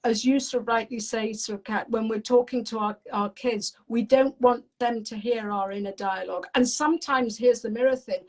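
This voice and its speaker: A middle-aged woman, a parenting coach talking in an interview in a lively, rambling way with frequent restarts. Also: on the high side, moderate pace, few pauses, poor audio. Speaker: parenting and teen coach, guest. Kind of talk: conversational interview.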